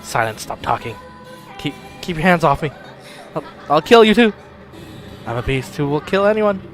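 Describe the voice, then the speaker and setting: A man's voice: a little high, moderate pace, soft background music. A man voicing a tormented man who has become a beast, frantic and stammering. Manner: frantic, stammering, breaking into shouts. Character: tormented man turned beast, desperate and unhinged.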